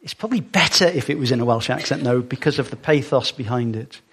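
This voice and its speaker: A man's voice: medium pitch, fast, a bit bright, slight background noise. A man giving a sermon in a conversational way, with fillers and small asides to the congregation. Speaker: preacher.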